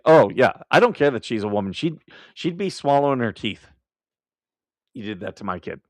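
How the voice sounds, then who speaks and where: Male streamer host, blunt and foul-mouthed, mid pitch, dry close sound. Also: expressive, moderate pace, no room sound. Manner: blunt, profane and combative; laughs at his own remarks. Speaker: livestream host. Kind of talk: casual live commentary.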